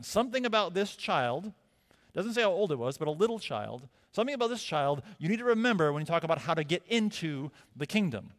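A male pastor delivering a sermon, conversational and emphatic, asking rhetorical questions. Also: fairly high pitch. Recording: long reverb of a church hall.

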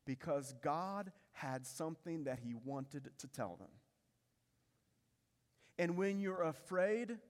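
A man preaching a sermon as pastor, building intensity through repetition and dropping low to stress key lines. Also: big-room sound.

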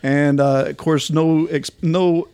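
A man's voice: a little high, steady tone, slow, a little mellow, clean tone, dry recording. A man co-hosting a casual podcast, talking in a rambling way with lots of fillers and restarts. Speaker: podcast co-host.

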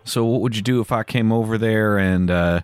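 A man making a prank call who asks casual questions in a deadpan way. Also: on the low side, normal speed, smooth, dry recording, clean studio sound. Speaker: prank caller.

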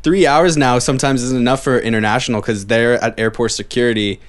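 Male podcast guest, middle pitch, relaxed and wry. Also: brisk. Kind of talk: casual chat.

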